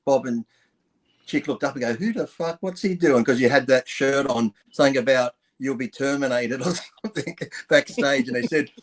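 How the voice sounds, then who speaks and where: A man, a retired pro bodybuilder, chatting casually in a relaxed, rambling way and swearing now and then. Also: mid-range voice, moderate pace. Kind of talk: casual chat.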